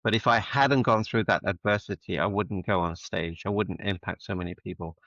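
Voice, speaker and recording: An earnest middle-aged man tells his story as a guest, pressing each point home. His voice sits fairly low and sounds a little muffled, as over a video call, with a dry sound and no room echo. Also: moderate pace, a bit bright. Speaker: guest, mindset coach. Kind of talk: storytelling interview answers.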